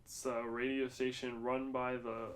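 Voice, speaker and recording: At a measured pace and medium pitch, this man speaks with a completely flat delivery. As a podcast co-host in casual chat, he tells rambling, profane stories packed with fillers.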